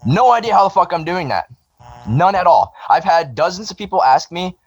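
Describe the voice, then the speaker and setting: A man who grew up in the American South talks as a podcast guest. His voice sits a touch high for a man and swings all over the place as he goes. He rambles and swears through a loose, animated conversation. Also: fairly quick, dull audio. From Southern United States. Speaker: guest, band vocalist. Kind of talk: casual podcast chat.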